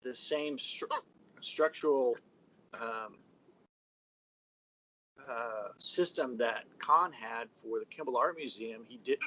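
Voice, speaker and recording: Man talking architecture, halting. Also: mid-range voice, sharp tone, poor audio. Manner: thoughtful, halting, many fillers. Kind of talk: casual conversation about architecture.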